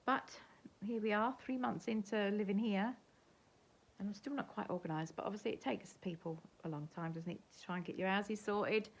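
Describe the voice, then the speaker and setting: A woman's voice: mid-range voice, moderate pace, a little hiss or hum. An older woman with an English accent, rambling chattily to camera in a casual home vlog. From England. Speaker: vlogger. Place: at home, indoors.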